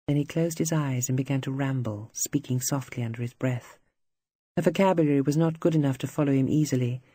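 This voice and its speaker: Brief: literary audiobook narrator, dark and raspy, close and dry sound. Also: medium pitch, a little fast, dry recording. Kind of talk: scripted narration.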